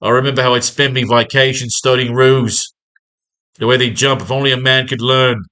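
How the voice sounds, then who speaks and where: A man's voice: mid-range voice, level tone, normal speed, sharp tone, natural voice. A man voicing a boastful male villain who brags about learning to jump like a kangaroo, while reading a comic aloud.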